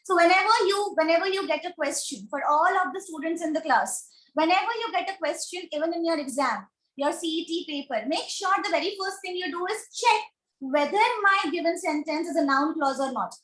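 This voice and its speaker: A woman with an Indian English accent teaching grammar in an online class, speaking slowly and deliberately and repeating questions to her students. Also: extremely high pitch, fairly bright tone. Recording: echoey room.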